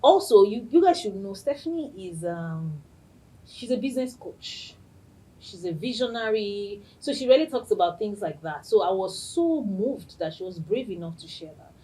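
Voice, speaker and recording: A woman hosting a podcast, telling a personal story in an excited way and laughing often. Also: mid-range voice, normal speed, rough recording. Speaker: podcast host.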